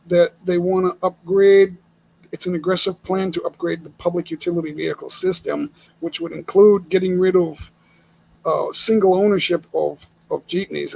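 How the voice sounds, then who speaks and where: A man's voice: high voice, vocal fry, darkish tone, a little hiss or hum, rough recording. An older man from the United States hosting a casual live stream chat from home, speaking bluntly and with opinions, chuckling often.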